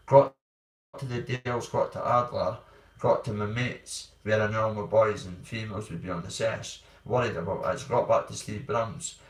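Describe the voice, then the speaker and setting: Scottish man telling blunt stories. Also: fairly low pitch. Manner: blunt, rambling, swears freely. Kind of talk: candid personal storytelling. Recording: roomy sound, distant from mic.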